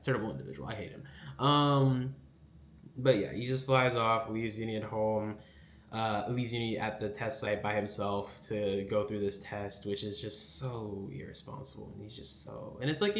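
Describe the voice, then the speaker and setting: Casual male recap host, lowish voice, echoey room, rambling delivery. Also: normal speed, fairly bright tone, a little hiss or hum. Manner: rambling, lots of fillers and acted quotes.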